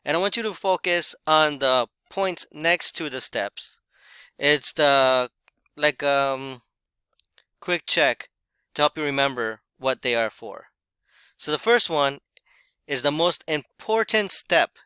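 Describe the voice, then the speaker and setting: Crisp, bright-voiced male presenter. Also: on the high side, no room sound. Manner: measured, explanatory, occasional fillers. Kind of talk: recorded class presentation.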